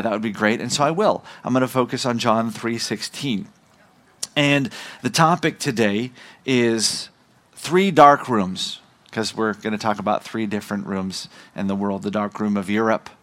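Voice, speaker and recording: A middle-aged man, a visiting missionary, preaching a sermon and slowing down to stress key words. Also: fairly low pitch, a bit bright. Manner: emphatic, slowing and rising on key phrases.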